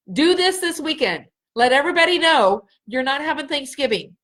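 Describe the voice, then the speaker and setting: Middle aged woman doing a live healing reading, higher pitched, earnest, says things over and over. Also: expressive, a bit bright. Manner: slow, earnest, repeats phrases for emphasis. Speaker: spiritual healer hosting a live session.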